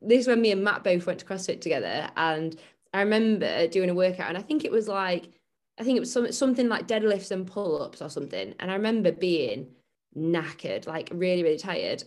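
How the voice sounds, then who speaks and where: A woman co-hosting a casual fitness chat, telling stories and laughing often. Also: on the low side. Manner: chatty storytelling, laughs often. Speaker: podcast co-host and fitness coach.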